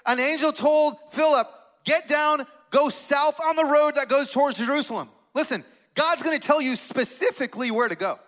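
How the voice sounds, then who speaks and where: A pastor with an extremely high-pitched voice preaches a sermon in a conversational, animated way. He tells a personal story and puts questions to the congregation.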